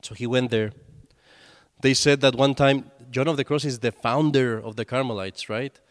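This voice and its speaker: A man's voice: mid-range voice, steady tone, normal speed. A man, a priest, giving a conversational sermon and telling stories with acted quotes. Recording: long hall reverb.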